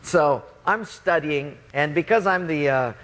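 A preacher telling a story from the pulpit in an animated, expressive and playful way. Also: male voice, a little high, measured pace, in a large hall. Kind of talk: sermon storytelling.

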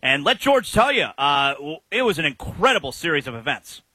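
A man hosting a sports talk radio show, giving his opinions in an animated way. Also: on the high side, a little fast, breathy edge, dry recording.

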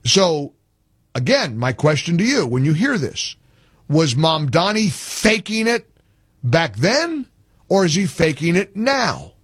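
A man's voice: fairly high pitch, big pitch swings, slow pace, slightly rough, no echo, studio quality. An older man hosting a radio talk show, emphatic and incredulous, often repeating phrases. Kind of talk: opinionated talk radio monologue.

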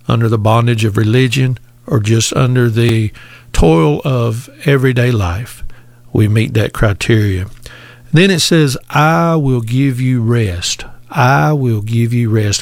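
A man preaching a sermon in a slow, deliberate way, repeating key phrases for emphasis. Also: mid-range voice, vocal fry, no room sound.

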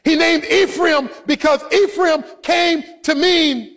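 A male preacher delivering an impassioned sermon that often rises to shouting. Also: extremely high pitch, unhurried.

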